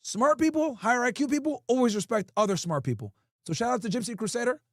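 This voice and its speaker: A man's voice: very high-pitched, lively intonation, quick pace, no echo, studio quality. A man hosting a livestream, chatting casually with his audience and reading their comments aloud in a blunt, profane way. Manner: blunt, profane, talks straight to chat. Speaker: livestream host.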